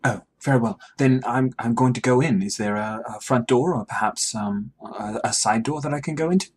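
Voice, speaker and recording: A man voicing a steady female wartime rescue worker in a put-on British accent. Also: mid-range voice, a little fast, husky, lightly acted. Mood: resolute. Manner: plays in character through the moves.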